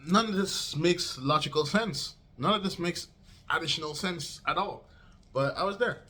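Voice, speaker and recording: A young man vlogging a casual storytime, slangy and swearing, acting out quotes with big jumps in pitch. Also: normal speed, bright, forceful tone.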